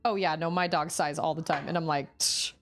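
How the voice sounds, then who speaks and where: A woman's voice: deep voice, fairly even intonation, fast talker, soft background music. A woman streaming a game from home, chatting casually and yelping in surprise at the game. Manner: chatty, with sudden yelps of surprise. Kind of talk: casual gaming chat.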